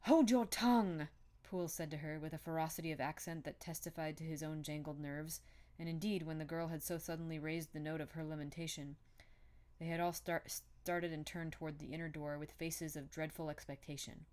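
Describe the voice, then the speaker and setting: A woman's voice: low-pitched, level tone, fairly quick, darkish tone. A woman reading a classic novel aloud in a plain amateur style, now and then restarting a word. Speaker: audiobook reader.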